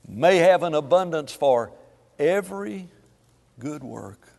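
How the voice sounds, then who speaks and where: A man preaching a sermon to a congregation, swinging between hushed lines and loud, drawn-out emphasis. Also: fairly high pitch, lively intonation, vocal fry. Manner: dramatic swings from soft to loud, slow emphatic phrasing. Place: church sanctuary. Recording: long hall reverb.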